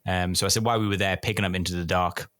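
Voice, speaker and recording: Low-voiced man telling jokey stories. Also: fairly even intonation, very fast, fairly bright tone, dry recording, studio quality. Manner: jokey storyteller, playful. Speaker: podcast co-host. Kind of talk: casual chat.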